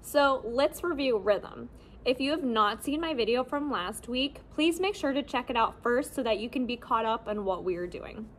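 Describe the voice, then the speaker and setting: A young woman teaching children a music lesson on rhythm, cheerful and clear, modeling syllables for them to repeat. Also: fairly high pitch, animated, normal speed, slight background noise. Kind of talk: classroom lesson video for children.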